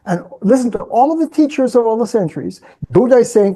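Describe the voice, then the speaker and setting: Woman podcast guest, warm mellow timbre, emphatic preaching delivery, repeats words for emphasis. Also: fairly high pitch, lively intonation, a little fast, hardly any pauses, breathy edge. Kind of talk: impassioned philosophical discussion.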